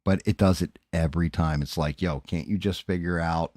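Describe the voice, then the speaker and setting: A man's voice: deep voice, fairly even intonation, moderate pace, a little mellow, no echo, clean studio sound. A man hosting a casual livestream, talking in a profane, rambling, off-hand way. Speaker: streamer and host. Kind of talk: casual livestream chat while painting.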